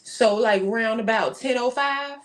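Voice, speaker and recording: A woman's voice: a little high, a little slow. A woman co-hosting a casual chat, telling a story about her day in a self-mocking, laughing way. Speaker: co-host.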